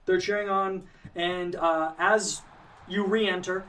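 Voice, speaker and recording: A man's voice: sits high, fairly even intonation, takes it slowly, a bit bright, far from the mic. A man narrating a tabletop game as game master, in a loose, chatty way full of fillers.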